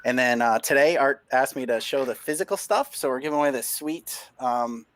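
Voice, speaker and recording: A man chats casually on a remote game stream, promoting software and giveaway prizes. He is upbeat and fills his pauses with casual fillers. The dry sound suggests a mic close to his mouth. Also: mid-range voice, dry recording. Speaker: player and software company representative. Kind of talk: casual livestream chat. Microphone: home mic on a video call.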